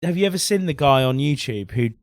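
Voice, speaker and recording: A man co-hosts a podcast in loose conversation, arguing his points with confidence and dropping the odd swear word. His voice sits at an ordinary middle pitch for a man. The recording is dry and close, with no room sound. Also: expressive, fast, no echo. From Britain. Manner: emphatic, opinionated, swears casually. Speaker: podcast co-host. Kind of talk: casual chat.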